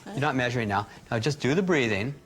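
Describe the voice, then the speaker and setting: A man teaching a live workshop, calmly guiding a group through breathing exercises and demonstrating them aloud. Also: mid-range voice, fast talker, a little hiss or hum. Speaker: energy healing teacher.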